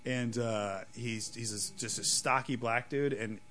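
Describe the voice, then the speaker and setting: A man doing a profane stand-up comedy set with a loud, ranting delivery, after a casual chat. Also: mid-range voice, fairly even intonation, a little slow, faint music behind. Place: green room, then comedy club stage. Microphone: handheld stage microphone. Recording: echoey room with loud noise.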